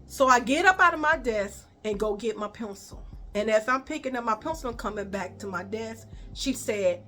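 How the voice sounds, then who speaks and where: High bright Chicago woman telling a story. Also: normal speed, slight background noise. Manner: animated, profane, addresses viewers as y'all. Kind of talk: storytime vlog.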